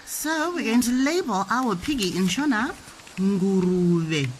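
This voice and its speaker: A woman's voice: mid-range voice, animated, a little slow, slight background noise. A young adult woman, a mother playfully teaching her child words with toys, sing-song and making animal sounds. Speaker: parent teaching Shona words.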